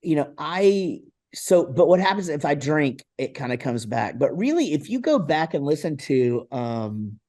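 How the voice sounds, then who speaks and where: Mellow-voiced rambling middle-aged man. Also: fairly high pitch, sing-song, unhurried. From Texas, USA. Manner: rambling, many fillers and restarts. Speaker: guest musician. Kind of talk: casual interview chat.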